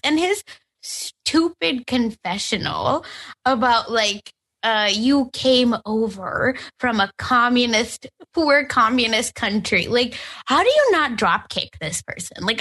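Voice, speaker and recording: A woman's voice: fairly high pitch, pushed and bright. A woman co-hosting a podcast, chatting emphatically in an exasperated, chatty way. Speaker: podcast co-host. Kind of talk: casual chat recapping a reality show.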